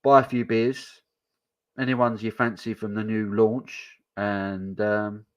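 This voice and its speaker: Stand-in stream host: man, low-ish voice, easygoing banter with viewers. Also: level tone, takes it slowly. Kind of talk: casual pub chat, reading viewer comments.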